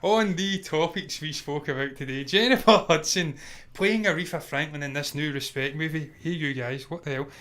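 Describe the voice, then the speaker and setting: A man's voice: a little high, moderate pace, few pauses, fairly bright tone. A man co-hosting a casual movie news chat, speaking in an opinionated, emphatic way and laughing easily. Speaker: co-host of a movie news show.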